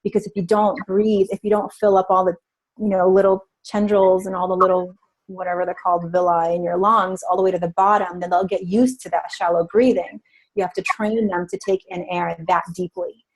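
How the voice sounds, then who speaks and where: A woman's voice: lowish voice, flat delivery, brisk, poor audio. A woman speaker trainer telling a story and teaching breath work in an earnest, casual way.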